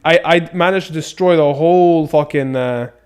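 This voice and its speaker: Excitable swearing male game streamer. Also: fairly high pitch, normal speed, smooth. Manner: excitable, swears often, talks to chat. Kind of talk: casual live-stream gameplay commentary.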